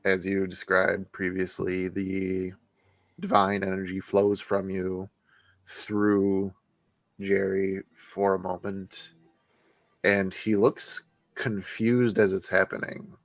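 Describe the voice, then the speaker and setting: A low-voiced man who narrates a tabletop game at an unhurried pace. His delivery is loose and easygoing, with plenty of fillers. The recording is dry and close. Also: completely flat delivery, no room sound. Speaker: game master.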